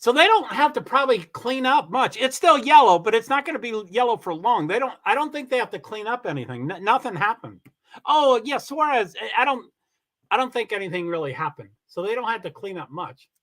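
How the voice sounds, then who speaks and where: A man hosting a livestream, giving rambling, chatty commentary on a car race and swearing when he gets excited. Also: very high voice, fairly quick. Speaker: livestream host. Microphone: computer mic on a streaming call.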